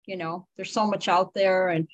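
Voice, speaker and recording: A woman's voice: fairly low pitch, steady tone, moderate pace, highs cut off. Easygoing woman with a drawl. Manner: friendly, easygoing, chatty. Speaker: podcast co-host. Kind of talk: casual chat.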